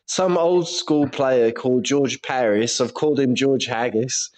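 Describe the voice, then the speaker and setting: A man's voice: mid-range voice, a little slow, a little mellow. A young man co-hosting a podcast, laughing often and swearing casually as he chats. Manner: giggly, laughs often between sentences. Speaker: podcast co-host. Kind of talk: casual chat.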